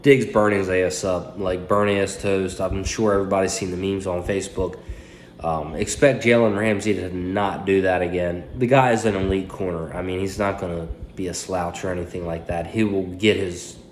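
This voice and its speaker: A man's voice: deep voice, fairly even intonation, normal speed, reverberant, slight background noise. A man in his late twenties giving a casual, profane recap of a fantasy football week, talking into a phone propped up indoors. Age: late 20s. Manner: profane, loose, trash-talking. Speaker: fantasy football league commentator.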